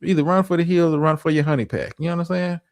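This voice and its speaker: A man's voice: a little high, rapid-fire, darkish tone, no echo, studio quality. A man hosting a livestream, reacting to a clip with profane, stammering, preachy relationship advice. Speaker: streamer host.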